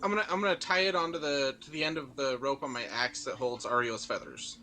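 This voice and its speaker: A man playing in a tabletop game, quick and practical in what he says. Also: mid-range voice, pushed and bright, slight background noise. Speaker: player. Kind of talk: tabletop role-play chat.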